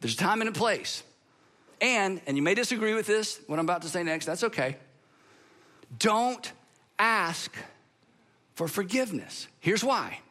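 A man with a high, bright voice delivers a sermon in a large hall. He is emphatic, lingers on slow, weighty pauses, then speeds up in lively bursts. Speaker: pastor.

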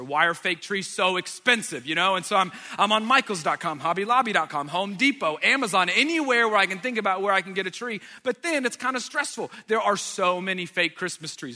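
A slightly high-voiced man in his thirties preaches a story-driven sermon, his tone bright and forceful. He tells it in an animated way, swinging from hushed asides to loud, exasperated outbursts. His voice rings out through a large hall with a long, lingering reverb. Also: a little fast. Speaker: pastor.

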